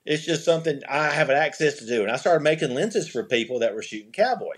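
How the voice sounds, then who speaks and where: Husky-voiced man telling rambling stories. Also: fairly high pitch, expressive, quick pace. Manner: rambling anecdotes with frequent restarts and chuckles. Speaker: podcast guest, eyewear company CEO. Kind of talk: casual storytelling interview.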